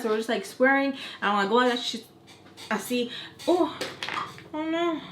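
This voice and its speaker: A woman's voice: on the high side, fairly quick, a bit bright. A young woman vlogger telling a heated story in casual chat, acting out quotes and swearing freely. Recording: roomy echo, faint background noise.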